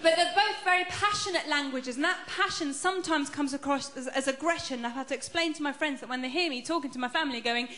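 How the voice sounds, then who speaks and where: A woman from Iran, doing a stand-up routine on stage, chatty with deadpan punchlines. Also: sits high, fast talker, hardly any pauses, background noise. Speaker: stand-up comedian. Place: large theatre with a live audience. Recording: echoey theatre with a faint crowd.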